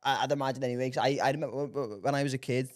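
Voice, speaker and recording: A man's voice: medium pitch, fairly even intonation, very fast. A man from the Liverpool area hosting a casual podcast, rambling and stammering through his questions. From Liverpool area, England. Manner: rambling, stammers and restarts, laughs often. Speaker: podcast host.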